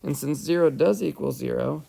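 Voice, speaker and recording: A man's voice: on the high side, moderate pace, creaky, warm tone. A man teaching a whiteboard math lesson, patiently talking through each step and checking in with "right?". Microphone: headset or tablet mic, voice-over screencast.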